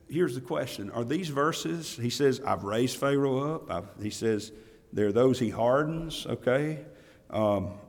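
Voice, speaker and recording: A man's voice: mid-range voice, darkish tone. Guy preaching a sermon, reads bible verses then jokes a little, emphatic, echoey church hall. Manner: reads scripture aloud, folksy asides, emphatic. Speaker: pastor.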